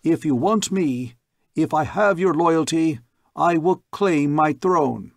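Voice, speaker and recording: Commanding heir proclaiming his rule, read by a man, raised declaiming voice, slow, dry. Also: on the high side, gravelly, no echo, pitched above the performer's own voice, heavily acted. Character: commanding man proclaiming himself rightful king.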